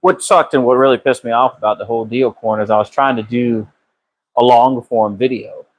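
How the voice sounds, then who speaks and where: Relaxed man chatting in his garage. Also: mid-range voice, brisk, poor audio. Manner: relaxed, drawling, swears freely, answers chat by name. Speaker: car builder live-streaming a transmission repair. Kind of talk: casual live-stream chat with viewers. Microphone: phone camera.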